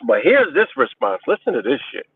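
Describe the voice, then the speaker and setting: A man's voice: fairly high pitch, wildly swooping pitch, a little fast, a little hiss or hum. A man hosting a live stream, ranting about a message with profane, boastful scorn. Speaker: livestream host. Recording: dry, tinny phone-like sound.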